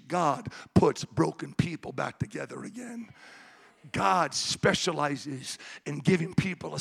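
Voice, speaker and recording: Guy preaching a sermon, pretty high voice, gets loud then goes quiet and chatty. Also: vocal fry, breathy edge. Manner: swings from loud impassioned preaching to quiet conversational asides.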